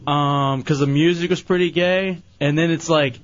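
A man's voice: a little high, steady tone, normal speed, dull audio. A man in his thirties hosting a talk show, joking in a self-deprecating, laughing way. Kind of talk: casual studio banter.

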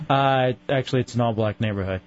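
A man's voice: mid-range voice, fast talker, dull audio. A man hosting a call-in radio show, teasing his co-host and laughing often. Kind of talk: bantering call-in talk.

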